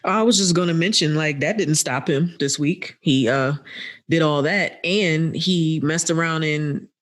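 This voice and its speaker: A man's voice: fairly high pitch, a little slow, a bit bright. A young adult man co-hosting a podcast, making blunt, wry remarks in casual chat. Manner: blunt, wry, laughing asides. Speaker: podcast co-host.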